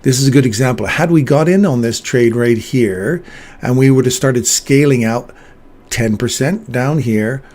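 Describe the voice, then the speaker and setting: A man's voice: medium pitch, moderate pace, a little mellow. A man in his fifties who grew up in England and Canada, casually talking through chart moves and answering chat as host of a live trading stream. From England, raised in Canada. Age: 50s.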